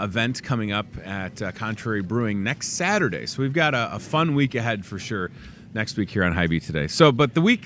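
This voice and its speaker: A man hosting a casual in-store show, chatting loosely and joking as he runs through the week's deals. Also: a little hiss or hum. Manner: chatty, joking asides, lively swings in pitch. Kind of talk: casual promo chat. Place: grocery store.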